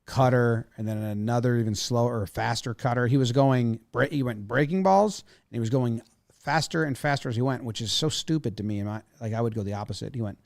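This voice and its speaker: A man's voice: medium pitch, a little fast, creaky, a little mellow, no echo, clean studio sound. A man co-hosting a podcast, talking casually about baseball and often trailing off and restarting his sentences. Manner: rambling, trails off and restarts mid-thought. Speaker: podcast co-host. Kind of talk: casual sports chat.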